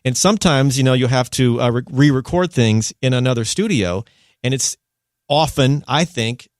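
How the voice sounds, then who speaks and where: A man's voice: medium pitch, moderate pace, no echo, clean studio sound. An American man hosting a radio show, asking loose, rambling questions in an upbeat, casual way. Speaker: radio host.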